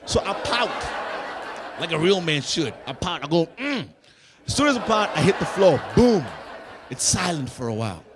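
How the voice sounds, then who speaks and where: A young man, doing animated stand-up storytelling and acting out voices. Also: a little high, brisk. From South Africa. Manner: animated, acts out voices, laughs through lines. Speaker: stand-up comedian. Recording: noisy live room.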